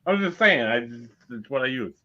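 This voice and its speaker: A man's voice: mid-range voice, expressive, a little fast, sharp tone, muffled recording. A man co-hosting a podcast, rambling casually with lots of fillers as he wraps up and promotes upcoming shows. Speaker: podcast co-host. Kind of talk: casual chat, show promos.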